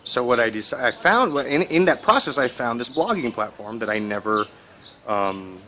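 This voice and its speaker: A man's voice: medium pitch, expressive, moderate pace, bright, forceful tone, a little hiss or hum. A man telling his own story in a candid, rambling way, full of false starts and repeated words, from his home. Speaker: online entrepreneur sharing his story. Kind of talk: casual personal storytelling. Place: at home in India, dog and kids nearby.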